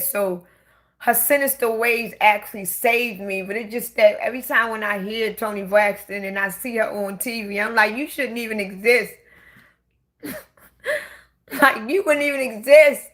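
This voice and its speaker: A middle-aged woman telling her own life story in a casual late-night talk, emotional and halting, often restarting and repeating her words. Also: mid-range voice, steady tone, a bit bright.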